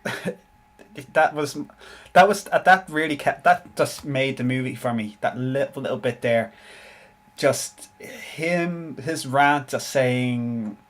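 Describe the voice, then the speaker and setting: A man's voice: mid-range voice, slow, a bit bright. A man chatting casually on a podcast, hesitant and earnest, often restarting and repeating words. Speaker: podcast co-host. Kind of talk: casual chat.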